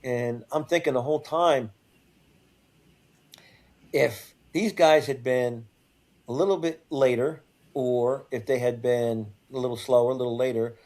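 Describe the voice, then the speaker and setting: Older man telling his story haltingly. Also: mid-range voice, fairly even intonation, a little mellow. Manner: halting, repeats and restarts words. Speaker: guest. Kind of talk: first-person storytelling in an interview.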